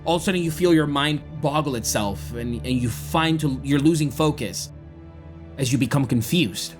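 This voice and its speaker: A man's voice: medium pitch, moderate pace, music in the background. A man narrating a tabletop game as game master, describing the scene dramatically.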